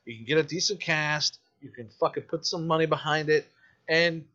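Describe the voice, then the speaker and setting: A man who makes independent films, telling stories in casual podcast chat, animated and full of swearing. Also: on the high side, normal speed, highs cut off. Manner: profane, animated storytelling. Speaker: independent filmmaker.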